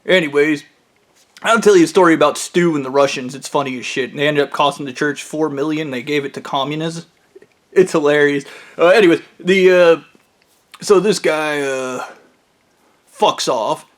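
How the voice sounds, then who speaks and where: A man's voice: on the high side, normal speed. A man telling a crude comic story in a profane, blunt and mocking way. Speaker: storyteller comedian.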